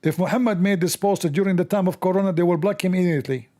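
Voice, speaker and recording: A man's voice: sits high, very fast, dark tone. A man hosting a mocking religious commentary show, sarcastic and scornful, in broken English. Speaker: host.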